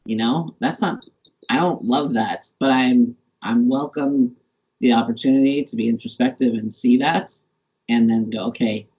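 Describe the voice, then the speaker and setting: A man from Montana hosting a podcast, talking casually and haltingly as he searches for words. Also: medium pitch, a little mellow, husky, highs cut off. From Montana, USA. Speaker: podcast host. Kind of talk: casual interview conversation.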